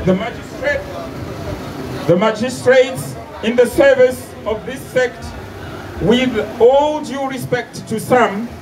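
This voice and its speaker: A man from Comoros declaims at an open-air protest, his high voice denouncing the regime in short, hammering phrases. He sounds distant from the recorder. Busy street noise and passing vehicles fill the square around him. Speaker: protest speaker. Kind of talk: political rally speech. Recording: distant mic, loud outdoor street noise with traffic.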